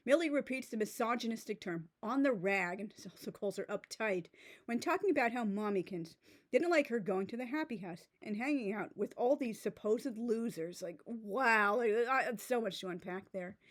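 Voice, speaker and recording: A woman's voice: on the high side, animated, moderate pace. A woman giving a casual, sarcastic book review, reading out passages and mocking them, with many "like"s and restarts. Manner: sarcastic, filler-heavy with frequent "like" and restarts. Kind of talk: casual commentary video.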